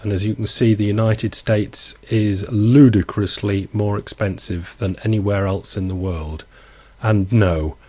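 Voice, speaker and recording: A man walks through economic charts in a loose, conversational way, slipping in sardonic remarks. His voice sits fairly low. The recording is dry, with no room sound. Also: a little mellow, no echo. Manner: wry, sardonic asides. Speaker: economics commentator. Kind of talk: casual commentary over charts.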